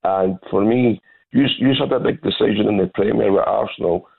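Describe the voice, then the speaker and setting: Male caller, low gravelly husky voice, tinny phone line, aggrieved. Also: fairly quick. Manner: aggrieved, insistent. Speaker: caller, football fan. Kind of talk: phone-in call.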